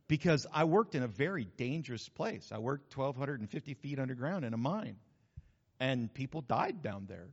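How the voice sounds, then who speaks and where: A male pastor preaching a sermon in a church, emphatic and calling out to the congregation. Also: medium pitch. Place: church sanctuary. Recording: echoey hall, dull lo-fi sound.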